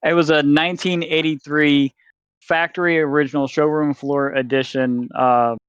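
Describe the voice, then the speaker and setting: A man's voice: on the high side, level tone, normal speed, clear, resonant tone, no room sound, dull audio. A man telling a rambling story as a podcast guest, swearing freely and acting out the people he quotes. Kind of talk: casual storytelling.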